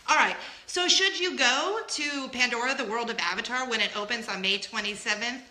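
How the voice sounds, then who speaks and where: A woman's voice: fairly high pitch, fairly quick, reverberant. A woman, telling a story in a casual vlog, gushing and laughing often. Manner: gushing, laughs often, acts out loud gasps. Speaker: vlogger.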